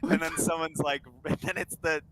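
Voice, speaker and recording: A man's voice: fairly high pitch, fairly even intonation, normal speed, poor audio. A man in casual chat on a gaming stream. He rambles, swears a lot and laughs while retelling a story. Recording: loud background noise with clicks.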